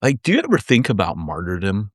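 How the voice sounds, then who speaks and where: A man's voice: lowish voice, quick pace, slightly rough, dry recording, studio quality. A man co-hosting a podcast, chatting casually and telling rambling stories with lots of restarts. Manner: animated, rambling storyteller with many restarts. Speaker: podcast co-host. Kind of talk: casual chat.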